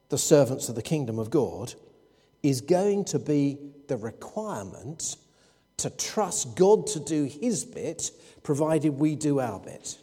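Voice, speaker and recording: A man's voice: on the high side, dark tone, breathy edge. A man preaching a sermon, explaining scripture and telling anecdotes with quoted dialogue. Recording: long hall reverb.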